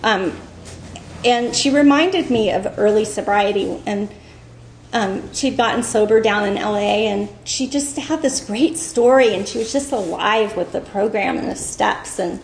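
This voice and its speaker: A woman's voice: mid-range voice, unhurried, slight background noise. A woman in her fifties sharing her story at a recovery meeting, rambling with many fillers and laughing through emotion. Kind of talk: personal share at a meeting. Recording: echoey room.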